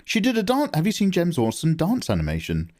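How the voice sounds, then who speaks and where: A man chatting casually to viewers on a live stream while drawing. He gets excited easily and swears freely, speaking into a close microphone. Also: on the high side, fast.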